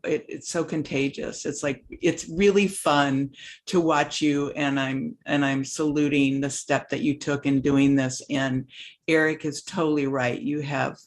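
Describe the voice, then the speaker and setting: A woman whose mouth is still numb from the dentist, asking halting, searching questions on a video call. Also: low voice, level tone. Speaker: webinar participant. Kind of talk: casual chat on a video call.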